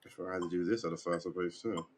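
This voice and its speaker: A man with a lowish voice rambles through a casual live stream from a room at home while he practices guitar. He mocks himself and talks back to himself in a loose, offhand way. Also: fairly even intonation, fast talker, background noise.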